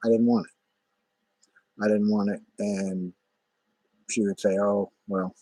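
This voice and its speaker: A man with a low, slightly husky voice tells a long story in a loose, rambling way. His talk is profane and full of "you know" and "whatever," with a close, dry sound and no room around it. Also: flat delivery, takes it slowly, mellow, no room sound, rough recording. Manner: rambling, profane, many fillers. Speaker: vlogger. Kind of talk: casual spoken storytelling.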